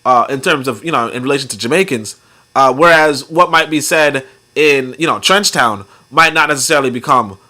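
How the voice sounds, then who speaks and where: A man's voice: medium pitch, a little fast, bright, forceful tone. A man hosting a casual talk show, rambling and joking as he reads comments and articles, laughing often and acting out other people's voices. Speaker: podcast host.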